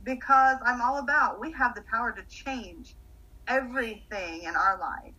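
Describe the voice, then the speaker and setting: A woman's voice: on the high side, moderate pace, pushed and bright, breathy edge, muffled recording. A woman hosting a casual talk, speaking in a reflective, encouraging way. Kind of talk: casual conversation.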